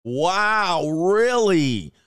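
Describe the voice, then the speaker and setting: A man's voice: high-pitched, sing-song, drawn-out words, a bit bright, no echo, studio quality, heavily acted. A man putting on the voice of a sweetly scheming woman who is fishing for details, fake-friendly and prying.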